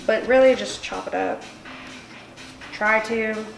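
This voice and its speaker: Tipsy, foul-mouthed woman cooking, fairly high voice. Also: slow, creaky. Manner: casual, swears a lot, rambling. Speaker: cooking vlog host. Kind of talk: casual cooking demo. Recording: echoey room with music behind.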